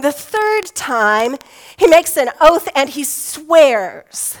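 A woman's voice: sits high, expressive, slow, rough recording. A woman pastor preaching a sermon in a conversational storytelling way, with touches of folksy humor.

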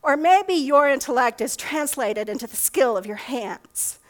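Brief: middle-aged woman preacher with a high voice and a relaxed, conversational sermon delivery. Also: unhurried, poor audio. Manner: conversational, asks rhetorical questions. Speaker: pastor.

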